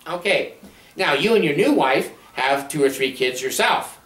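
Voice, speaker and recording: Sardonic guy rambling to camera, voice a bit high, sounds far off in an echoey room. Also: animated, normal speed, fairly bright tone. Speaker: counselor. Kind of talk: casual monologue to camera. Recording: roomy sound from a distant mic.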